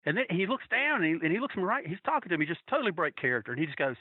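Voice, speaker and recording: A man on a podcast telling a long, animated, profane story with plenty of restarts. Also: high-pitched, racing, hardly any pauses, husky, no room sound, phone-quality sound. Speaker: podcast guest telling a wrestling fan story. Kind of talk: casual storytelling.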